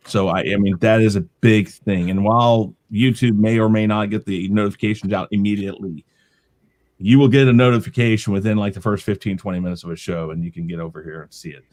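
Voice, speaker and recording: A man hosts a casual web roundtable in a slightly low voice. He rambles and restarts phrases, repeating words as he goes. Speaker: host. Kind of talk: casual online roundtable talk.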